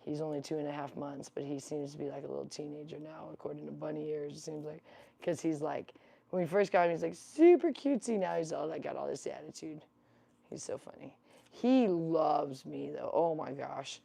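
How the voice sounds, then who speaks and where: A woman hosting a casual livestream, chatting with her viewers and fussing over her rabbit between remarks. Her voice sits low, with a gravelly fry and a dark, mellow tone. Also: brisk. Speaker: livestream host.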